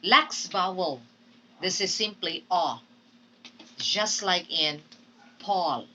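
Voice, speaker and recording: A woman teaching English pronunciation in a recorded lesson. She speaks deliberately, models example words aloud and often checks in with "okay?". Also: fairly low pitch, pushed and bright, far from the mic, a little hiss or hum, poor audio.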